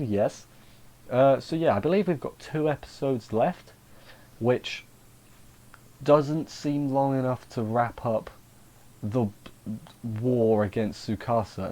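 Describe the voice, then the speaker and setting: A man's voice: mid-range voice, warm tone. A man casually recapping an anime episode, rambling and interrupting himself with wry asides. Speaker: anime reviewer.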